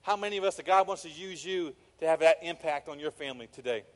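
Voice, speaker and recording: A man preaching a sermon, animated, acting out scenes with quoted voices. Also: a little high, quick pace. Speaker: pastor. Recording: long reverb of a large hall.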